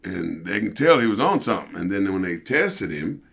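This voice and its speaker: A middle-aged man, a former pro wrestler, telling stories in a casual interview, animated and profane, peppered with "you know" and "see". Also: normal speed, creaky. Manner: animated storyteller, jumps high for quoted outbursts.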